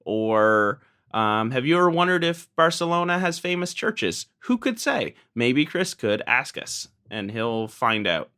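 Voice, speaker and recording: Lively, bright-voiced joking man. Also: measured pace, smooth. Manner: playful, joking, jumps between high and low tones. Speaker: podcast co-host. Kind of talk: casual chat.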